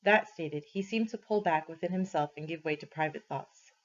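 A teacher with a medium-pitched voice reads a first-person novel aloud to a class, measured and deliberate. The reading stops now and then for study questions, and the recording is dull and lo-fi.

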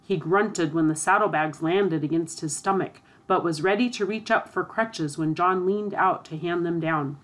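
A woman narrating a storybook aloud in a steady, expressive reading. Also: lowish voice, moderate pace, few pauses.

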